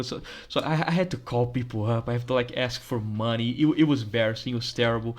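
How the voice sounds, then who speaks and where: A man's voice: medium pitch, quick pace. Profane ranting man. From Brazil. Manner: profane, ranting, laughs often. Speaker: gaming channel host. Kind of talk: casual gameplay commentary.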